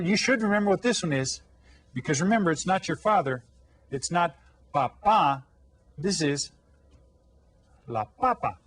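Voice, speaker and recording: A man teaching a children's language lesson, slowly modeling words for young learners to repeat. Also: a little high, husky. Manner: friendly, slow modeling of words for repetition. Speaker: Spanish teacher.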